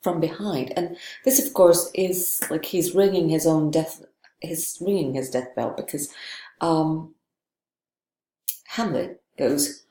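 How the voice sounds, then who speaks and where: A woman's voice: low-pitched, lively intonation, takes it slowly, mellow, echoey room. A woman giving a literature lecture, thoughtful and digressive, often checking in with "right?". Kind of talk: recorded lecture.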